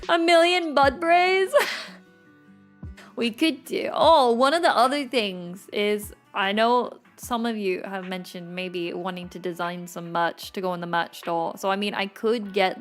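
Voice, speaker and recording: A woman's voice: medium pitch, a little slow. A young woman, chatting casually with her stream viewers and laughing often between lines. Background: faint music.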